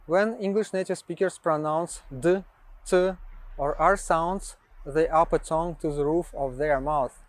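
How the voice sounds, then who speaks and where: A man with a Russian accent, a native Russian speaker, teaching a pronunciation lesson with slow, careful enunciation and drilled syllables. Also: on the high side. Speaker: language tutor.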